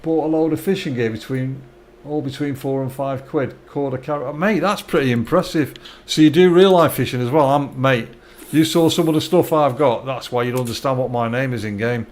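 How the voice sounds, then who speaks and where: A chatty man in middle age, talking to his viewers as he streams. He is friendly and easygoing, often repeating words and restarting his sentences, in a mid-pitched voice. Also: brisk, darkish tone. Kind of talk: casual live-stream chat.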